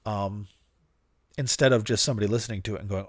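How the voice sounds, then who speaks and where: With a fairly low, expressive voice and a brisk pace, a man talks through his solo podcast on a studio mic with no echo. He rambles and swears, mocks himself, laughs a lot, and keeps fighting off a dry cough.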